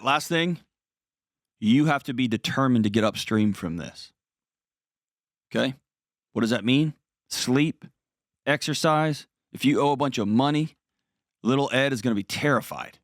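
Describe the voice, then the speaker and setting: This call-in advice host speaks at a medium pitch and moderate pace, pausing often as he talks earnestly to a caller. His coaching is direct, with emphatic repetition. A close studio mic gives clean audio with no echo.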